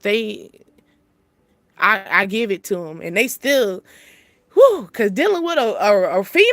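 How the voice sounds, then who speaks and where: Hosting her spiritual channel, a woman offers a relaxed pep talk that wanders, repeats and breaks into frequent laughter. Very animated, she moves between forceful peaks and quiet asides at a measured pace, pausing often. The recording has no room sound.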